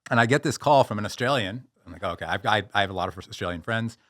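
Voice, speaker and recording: A man being interviewed as a posture expert, telling stories in an animated way with many restarts. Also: fairly low pitch, quick pace, no room sound, clean studio sound. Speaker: guest, posture and pain-relief expert. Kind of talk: podcast interview.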